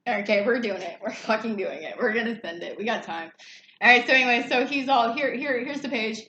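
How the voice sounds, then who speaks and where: A woman's voice: on the high side, brisk, bright, forceful tone, highs cut off. Casual woman tarot reader, loose and profane; roomy echo, faint noise behind. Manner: chatty and loose, swears and laughs easily. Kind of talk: casual tarot reading vlog. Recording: echoey room, faint background noise.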